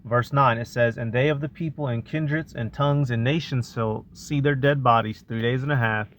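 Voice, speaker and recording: A man's voice: mid-range voice, fairly even intonation, normal speed, a little hiss or hum. A man hosting a reaction show, commenting on clips in casual slang and drifting into preaching.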